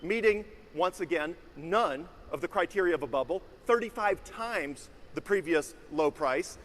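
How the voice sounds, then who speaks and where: A man with a high voice gives measured, scripted narration in a lecture-like way. The clip is played back, so the sound has a long, roomy reverb. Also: animated.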